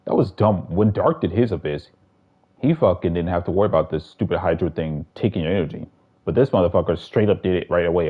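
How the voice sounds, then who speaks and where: This man streams himself playing a game, talking fast in a low voice with rambling, profane commentary and frequent restarts. It sounds phone-quality.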